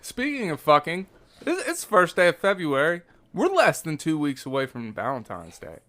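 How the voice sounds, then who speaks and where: A man's voice: a little high, huge pitch swings, normal speed, fairly bright tone. A man co-hosting a podcast in casual chat, delivering crude one-liners and plugging the show. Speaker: podcast co-host.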